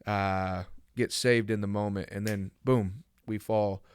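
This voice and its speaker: A man's voice: lowish voice, steady tone, a little slow, clear, resonant tone, no room sound, studio quality. A man hosting a faith podcast interview, reflecting aloud in a thoughtful, searching way before asking his question. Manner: reflective, thinks aloud with fillers. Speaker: podcast host.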